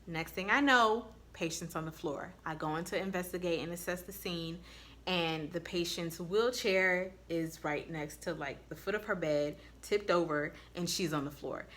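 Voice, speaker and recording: Talking directly to her viewers, a woman nurse shares casual advice in a vlog, her voice slightly low yet bright and forceful. At a moderate pace, she tells frank stories laced with blunt profanity.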